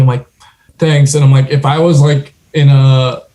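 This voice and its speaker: Co-hosting a podcast, a young man tells rambling stories packed with fillers and restarts. He speaks at normal speed in a warm, medium-pitched voice with fairly even intonation.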